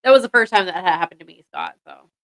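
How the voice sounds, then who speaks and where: A woman's voice: fairly low pitch, expressive, fast talker, fairly bright tone, poor audio. A woman co-hosting a casual chat show, chatty and self-deprecating. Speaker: podcast co-host.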